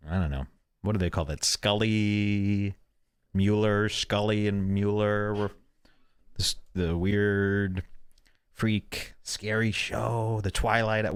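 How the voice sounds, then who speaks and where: A man's voice: lowish voice, smooth. Rambling, crude-joking male podcast host. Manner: rambling, crude, sarcastic jokes. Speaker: show host. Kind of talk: casual podcast commentary.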